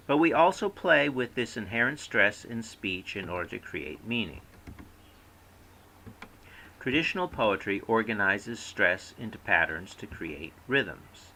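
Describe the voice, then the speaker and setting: A man's voice: on the low side, big pitch swings, a little slow, pushed and bright, a little hiss or hum, low-quality recording. A man giving a scripted recorded lecture as a course instructor, reading aloud and demonstrating word stress by example.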